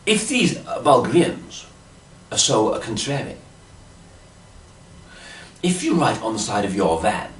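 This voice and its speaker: A man's voice: mid-range voice, sing-song, measured pace, long pauses, echoey room, far from the mic. A man telling a rambling comic monologue in a dotty, fussy manner, full of "you see" asides. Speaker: comic storyteller.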